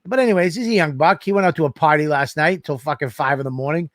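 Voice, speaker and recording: A man co-hosting a comedy podcast, swearing his way through a lively story on a studio microphone. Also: on the high side, fast, no room sound. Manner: animated, swearing constantly, acts out scenes. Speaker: podcast co-host.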